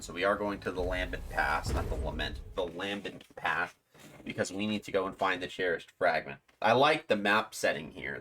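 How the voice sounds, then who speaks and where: A man's voice: low voice, bright, forceful tone, a little hiss or hum. A young man giving casual commentary while playing a video game, reading item text aloud between chatty asides. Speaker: gaming streamer.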